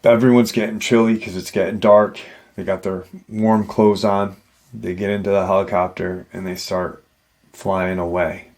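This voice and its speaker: A man's voice: sits low, flat delivery, normal speed, a little mellow. A man hosting a paranormal channel, casually retelling an encounter story in a rambling way with many "you know" asides.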